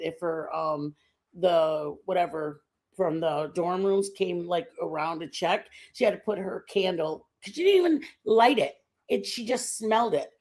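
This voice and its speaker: A woman's voice: on the low side, a little mellow. A middle-aged woman hosting a casual livestream, telling rambling home stories with lots of fillers. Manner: rambling, chatty storytelling with many fillers. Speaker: livestream host. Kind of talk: casual chat.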